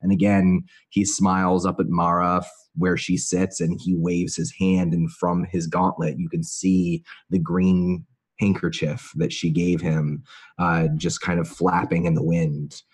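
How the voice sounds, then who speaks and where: A man playing a tabletop role-playing game, describing his character's actions in a detailed, halting way. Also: sits low, little pitch movement, slightly rough. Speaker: player.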